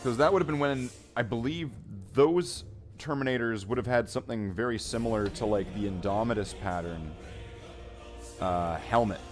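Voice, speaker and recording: A man's voice: medium pitch, moderate pace, faint music behind. A man chatting casually while painting miniatures on a hobby stream, rambling and joking as he thinks aloud.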